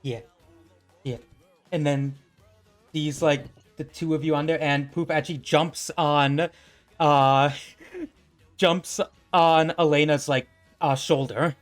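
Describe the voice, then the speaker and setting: A man's voice: a little high, steady tone, slow, pauses often, soft background music. A man running a tabletop game as game master, narrating a fight in rambling bursts full of fillers.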